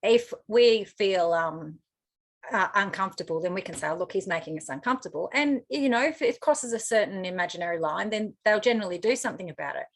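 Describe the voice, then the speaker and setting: An Australian woman speaking as an interview guest, talking at an easy, everyday pitch. She tells her story candidly and conversationally, often pausing on "um" and "you know.". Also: expressive. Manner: chatty, frank, with frequent fillers.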